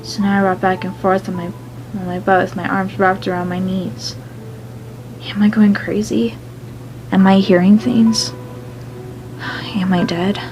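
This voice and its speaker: A woman's voice: mid-range voice, little pitch movement, moderate pace, darkish tone, soft background music, rough recording. Woman reading a story aloud. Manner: plain reading, with some stumbles. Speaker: fan fiction reader.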